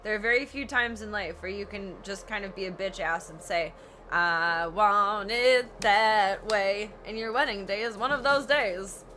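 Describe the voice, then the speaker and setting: A woman talks casually while she plays a game on stream, her voice bright and clear. She rambles, swears freely and often breaks into laughing shrieks. Faint noise sits under the recording. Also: medium pitch, a little fast, few pauses. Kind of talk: casual gameplay chat.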